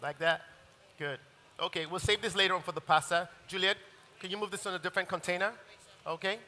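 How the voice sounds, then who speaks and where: Male chef, live demo, upbeat, high and bright, reverberant hall. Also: fairly even intonation, fast talker. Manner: enthusiastic, talks while cooking. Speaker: chef giving a cooking demonstration. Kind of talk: live cooking demonstration. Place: large hall at a live event.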